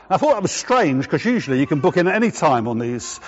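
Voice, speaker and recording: A man preaching, telling a chatty anecdote and then slowing down to press home his points. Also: on the high side, sing-song. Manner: chatty storytelling, slowing to deliberate emphasis. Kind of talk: sermon with a personal anecdote. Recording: echoey hall, dull lo-fi sound.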